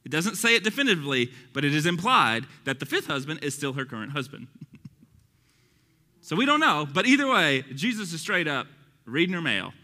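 A man's voice: on the high side, very animated, fairly quick, pushed and bright, long reverb tail. A man preaching a conversational sermon, explaining scripture with chuckling asides.

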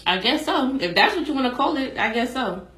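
A woman's voice: high-pitched, animated, fairly quick, a bit bright. Reflective woman in an echoey room. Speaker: podcast co-host. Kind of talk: casual chat.

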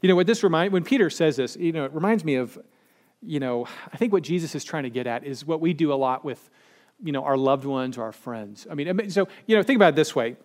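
A man's voice: fairly high pitch, expressive, quick pace. A man preaching a sermon to a live congregation in a conversational style, speaking directly to his listeners. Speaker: pastor.

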